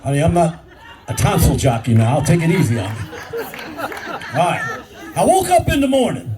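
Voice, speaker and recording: An older man works a club crowd in a stand-up set, crude and brash. His voice runs high and swings up and down a lot. He sounds far from the mic, and a loud audience laughs behind him. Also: very animated, moderate pace, noisy background. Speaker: stand-up comedian. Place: live comedy club.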